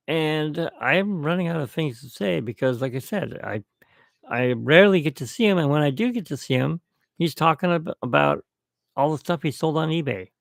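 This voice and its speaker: A man's voice: fairly high pitch, vocal fry, no room sound, clean studio sound. A middle-aged man hosting a solo podcast toast, rambling and reminiscing at his own pace. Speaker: podcast host. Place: at home, alone.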